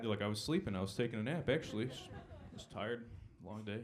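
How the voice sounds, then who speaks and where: A young man doing stand-up on a club stage, talking quickly with a lively, bouncing delivery. He drops deadpan punchlines into a handheld mic and chats with the crowd, while a faint hiss sits under the recording. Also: medium pitch. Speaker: stand-up comedian. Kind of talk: stand-up comedy set. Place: comedy club stage with audience.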